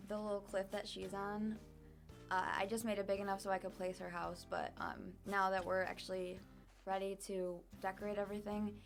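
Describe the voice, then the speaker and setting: A woman's voice: mid-range voice, gravelly. A young woman casually commenting on her gameplay, chatty and self-deprecating with many fillers, at a desk microphone. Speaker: streamer.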